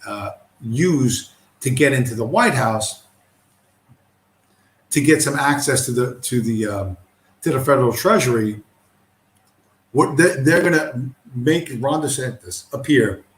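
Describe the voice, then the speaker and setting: A man hosting a livestream, talking in a long profane rant full of restarts and asides. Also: mid-range voice. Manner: profane, rambling, repeats "you know what I mean". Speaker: livestream host. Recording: roomy echo.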